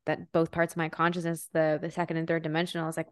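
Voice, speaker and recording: A woman's voice: deep voice, monotone, fast talker, clean tone, no echo, studio quality. A woman hosting a podcast interview, talking in a chatty, emotional way and often saying "like". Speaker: podcast host.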